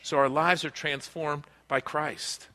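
Bright-voiced man preaching in a hall. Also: on the high side, fairly even intonation, slow. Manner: earnest, conversational preaching with personal stories. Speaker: pastor. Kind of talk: sermon. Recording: long reverb of a large hall.

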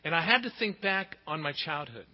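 A middle-aged man preaching a sermon, telling stories with big swings in pitch and loudness. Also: fairly quick. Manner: expressive storytelling, pitch and volume swing widely. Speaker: pastor. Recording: dull sound with long hall reverb.

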